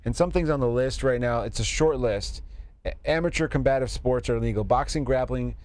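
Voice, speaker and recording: A man hosting a podcast in casual chat, laughing often and filling pauses with "uh" and "um". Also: medium pitch, a little mellow. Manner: laughs often, hesitant fillers. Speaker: podcast co-host.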